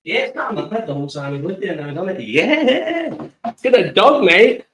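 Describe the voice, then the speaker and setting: Casual podcast host, man, raised pitch, rambling and sweary. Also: sing-song, normal speed, slight background noise, poor audio. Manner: rambling, swears freely, chatty storytelling. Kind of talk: casual live-chat podcast.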